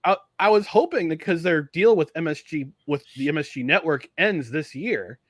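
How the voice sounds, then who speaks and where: Animated higher-voiced man in casual sports chat. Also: moderate pace, no echo, studio quality. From upstate New York. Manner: animated, restarts his sentences often. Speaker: podcast co-host.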